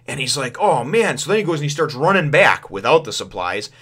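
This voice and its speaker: A man's voice: medium pitch, sing-song, fast talker, sharp tone. A man casually reviewing a manga chapter, rambling with many fillers and raising his voice to act out the characters' lines. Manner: rambling, lots of fillers, laughs while retelling; acts out lines of the characters in a raised voice.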